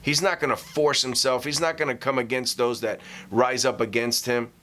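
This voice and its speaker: A man preaching a casual vlog sermon as a pastor. He talks conversationally with fillers and reads scripture slowly for emphasis. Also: mid-range voice, fairly even intonation, a bit bright.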